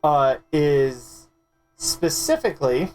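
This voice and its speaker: A man's voice: a little high, lively intonation, takes it slowly, darkish tone, soft background music. A man streaming a game, chatting casually and animatedly, stammering and swearing now and then.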